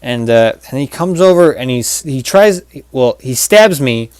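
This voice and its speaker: A man giving casual gameplay commentary as he rambles through a story, full of fillers and false starts. His voice sits at a middle pitch. The recording is dry and close, with no room sound. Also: animated, unhurried, a little mellow, clean tone, no echo. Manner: rambling, with many fillers and restarts. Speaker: channel host.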